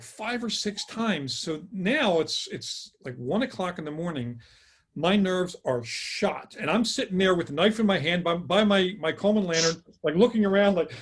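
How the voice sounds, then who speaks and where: A man with a high, husky voice spins a campfire-style tale over a video call. He acts out every quote with animated energy and loose, chatty rhythm. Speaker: guest author. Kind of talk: casual storytelling.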